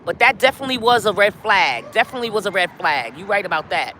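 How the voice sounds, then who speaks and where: Speaking fast in a mid-range voice that sounds pushed, bright, and expressive, this middle-aged New Yorker chats away on a casual outdoor live stream. She's out on a city street addressing her viewers directly, sprinkling in "y'all" often, with slight noise in the background.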